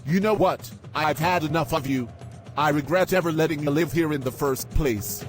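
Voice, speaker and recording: A bossy, hot-tempered young guy, as a man plays him, with a higher-than-usual voice that turns easily to insults. Music plays clearly behind him. He sounds like an everyday hobby-drama character. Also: normal speed, lightly acted. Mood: furious. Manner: shouting insults, then earnest apologies.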